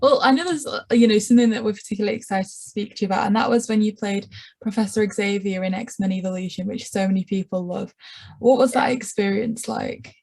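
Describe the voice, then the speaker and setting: A woman's voice: mid-range voice, brisk, gravelly, darkish tone. A woman co-hosting an interview, asking questions in an enthusiastic, friendly way. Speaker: podcast co-host interviewer. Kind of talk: casual interview.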